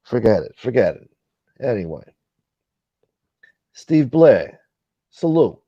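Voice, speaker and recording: A man's voice: mid-range voice, big pitch swings, slow, warm tone, no echo, lo-fi sound. A man hosting a casual livestream, chatting bluntly, swearing freely and reading out viewer comments. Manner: blunt, rambling, swears freely, mimics others. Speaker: livestream host.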